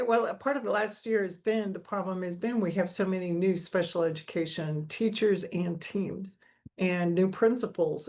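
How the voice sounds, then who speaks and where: A woman advocate co-hosting a webinar, talking quickly and earnestly. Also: lowish voice, darkish tone. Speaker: advocate, co-host. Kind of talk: casual webinar talk.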